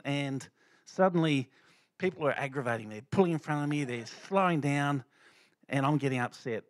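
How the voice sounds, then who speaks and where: A man's voice: medium pitch, moderate pace, dry recording. Rambling man giving a testimony. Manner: rambling, conversational, many fillers and restarts. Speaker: lay speaker sharing a testimony. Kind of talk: informal church testimony.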